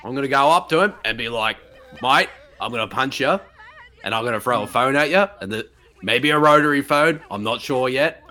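A brash, boastful movie-star brawler, as a man puts him on, loud and laughing as he goes. The voice is bright and swings widely in pitch. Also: animated, a little fast. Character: mock impression of a famous actor, brash boastful man.

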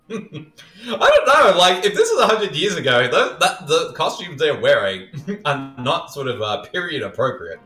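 A man's voice: a little high, big pitch swings, normal speed, bright, forceful tone, reverberant, faint music behind. Giggly man riffing on a movie. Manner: giggly, laughs often. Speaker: podcast co-host. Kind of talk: casual movie riffing commentary.

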